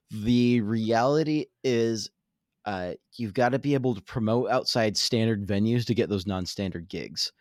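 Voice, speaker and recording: A man's voice: mid-range voice, no room sound. Man, podcast co-host, casual chat, easygoing and offhand, dry close sound. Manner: relaxed, easygoing, offhand slang.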